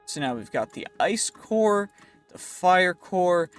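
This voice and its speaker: A young man narrates his gameplay in a casual, upbeat way, full of playful slang and little asides to viewers. His voice sits a bit higher than most men's. Soft music plays faintly underneath. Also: animated, slow, clear, resonant tone. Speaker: gaming channel host.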